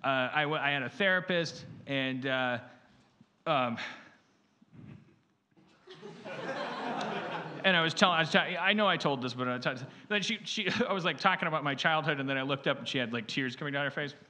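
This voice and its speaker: A man's voice: on the high side, normal speed, pauses often, a little hiss or hum. Rambling man telling a stage story. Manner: rambling, self-interrupting, with sudden loud outbursts. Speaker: podcast host. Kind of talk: comedic storytelling before a live audience.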